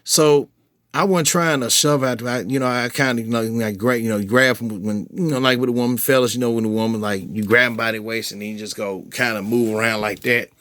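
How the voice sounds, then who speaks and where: A man's voice: mid-range voice, brisk, no room sound, clean studio sound. A man casually recounting a personal story to his viewers, with lots of profanity and frequent restarts, his voice jumping when he replays his own angry replies. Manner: profane, animated retelling with heated quoted outbursts; frequent restarts and filler phrases. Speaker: vlogger updating followers.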